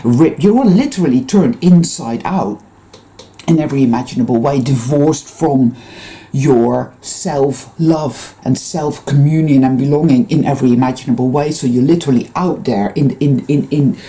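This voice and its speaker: A woman's voice: very deep voice, mellow. A woman giving an intense, rambling spiritual monologue to her viewers, full of swearing. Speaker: spiritual vlogger.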